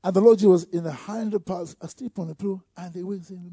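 A man preaching a sermon, calling out to the congregation and building to shouted peaks. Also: high voice, steady tone, quick pace, breathy edge, no room sound, clean studio sound. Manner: call-and-response preaching with rising shouts. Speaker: pastor.

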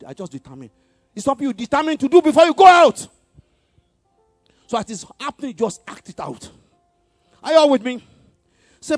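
A man preaching a sermon in call-and-response style, having the congregation repeat lines, shifting between loud exhortation and quiet asides with frequent chuckles. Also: high voice, big pitch swings, fairly quick, no room sound, faint music behind.

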